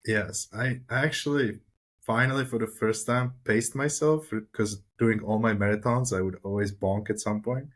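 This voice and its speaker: A man's voice: lowish voice, steady tone, moderate pace. A man guest on a podcast describing his first triathlon in a plain, matter-of-fact way. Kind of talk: casual podcast chat.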